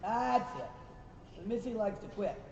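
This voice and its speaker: A man's voice: high-pitched, a little slow, gravelly, a little mellow, a little hiss or hum. A man coaching riders through a lesson, calling out praise to the horses and corrections to the riders. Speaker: riding instructor. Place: riding arena. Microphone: recorder far from the speaker. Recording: distant, echoey, dull recording.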